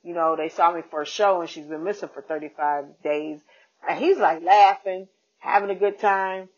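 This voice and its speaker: A woman comedian and podcast host telling a casual, animated story and acting out the people in it. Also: on the low side, moderate pace. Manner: animated, acts out quoted people. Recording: dull lo-fi podcast audio.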